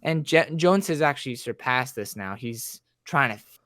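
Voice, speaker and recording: Excitable man with a dry voice. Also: medium pitch, normal speed, no room sound. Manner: excitable, rambling, many fillers and restarts. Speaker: podcast co-host. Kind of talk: casual podcast chat.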